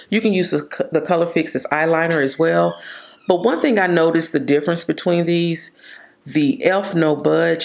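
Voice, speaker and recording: This woman's voice sits low, with vocal fry, as she gushes over favorite makeup in a casual beauty vlog. She's chatty and lengthens words for emphasis.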